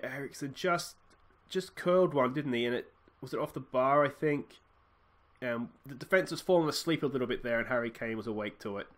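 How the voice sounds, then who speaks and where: A young Australian man casually commentating his own football management game, thinking aloud and breaking into excited shouts at goals. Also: mid-range voice. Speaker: let's play host.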